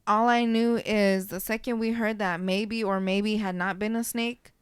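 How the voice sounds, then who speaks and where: A young woman co-hosting a casual podcast, telling stories in a chatty, animated way with plenty of swearing. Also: medium pitch, a little slow, clean tone, dry recording, clean studio sound. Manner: chatty, profane, animated storytelling. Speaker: podcast co-host.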